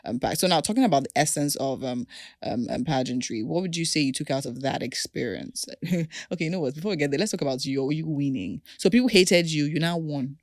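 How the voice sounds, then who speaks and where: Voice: medium pitch, a little fast, no room sound, studio quality. A chatty host from Nigeria who teases the guest and keeps prompting her in a casual interview. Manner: chatty, teasing, lots of backchannel. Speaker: podcast host.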